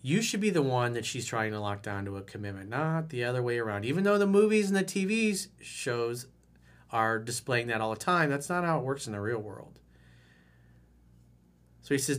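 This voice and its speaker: A man's voice: medium pitch, animated, fairly quick, a bit bright. A middle-aged male dating coach giving blunt, frank advice in a monologue, acting out quotes along the way.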